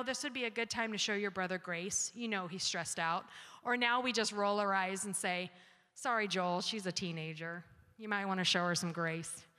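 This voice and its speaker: A woman in her forties giving a talk with slides, telling parenting stories and acting out her children's lines in an animated way. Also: on the high side, long reverb tail. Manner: animated storyteller, acts out her kids' voices. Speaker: speaker giving a talk on grace.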